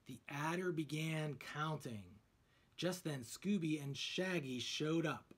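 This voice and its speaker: A man reading a children's picture book aloud in an expressive storytelling manner. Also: on the high side, slow, slightly rough.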